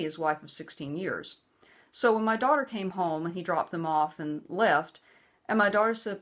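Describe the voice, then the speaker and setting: A middle-aged woman vlogging a personal story straight to camera. Her voice sits slightly low, and she talks in an earnest, emphatic way, driving her advice home as if lecturing. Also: normal speed. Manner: acts out quoted voices, hushed and soothing or raised and angry.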